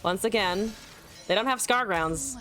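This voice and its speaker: A woman's voice: medium pitch, a little slow, over music. A woman streaming a card game, chatting casually, swearing and laughing as she plays. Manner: chatty, swears, laughs often, talks to chat. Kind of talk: casual gameplay commentary.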